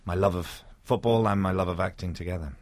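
Deep-voiced Welsh actor, hesitant. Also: male voice, fast talker. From Wales. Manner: thoughtful, hesitant with frequent restarts. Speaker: actor, interview guest. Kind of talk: reflective interview conversation.

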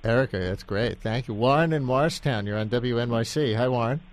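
A man hosting a live radio call-in show, brisk and chatty as he brings on callers. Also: medium pitch.

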